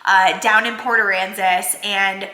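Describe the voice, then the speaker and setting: A New Jersey woman in her thirties, a vlogger and working mom, cries while speaking casually to the camera, rambling and restarting with plenty of fillers. Her medium-pitched voice is steady, sharp in tone and unhurried. The room sounds roomy and echoey.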